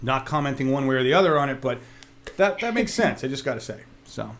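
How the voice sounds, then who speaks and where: A man co-hosting a casual web show, talking in an animated, jokey and opinionated way. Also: mid-range voice, quick pace. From Oregon. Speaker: show co-host.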